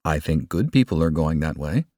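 Humble lame old man in a book reading, deep and plain, dry sound, as a man voices him. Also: animated, moderate pace, dark tone, no echo. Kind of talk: audiobook reading.

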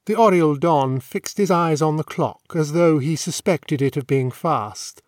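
A man reading a classic novel aloud as an audiobook narrator, with measured, wry and elegant phrasing. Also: fairly high pitch, dry recording, clean studio sound.

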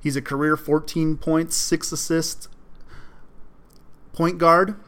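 A man's voice: fairly high pitch, slow pace. Emphatic man ranting on a sports podcast. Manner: animated, emphatic, mocking quoted fans in exaggerated voices. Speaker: podcast host. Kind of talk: solo sports podcast commentary.

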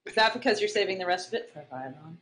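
A woman's voice: on the low side, expressive, quick pace, a bit bright. A woman co-hosting a casual podcast chat, who talks playfully and eggs the guest on. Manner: playful, egging on.

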